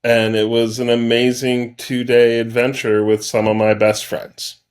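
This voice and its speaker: A man's voice: mid-range voice, monotone, measured pace, smooth. A man from Wisconsin, a guest on a podcast, talking in a reflective, thoughtful way in casual chat.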